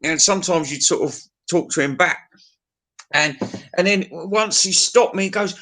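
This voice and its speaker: Man, middle-aged, sweary, ranting, casual chat, bright, forceful. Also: sits high, lively intonation, moderate pace.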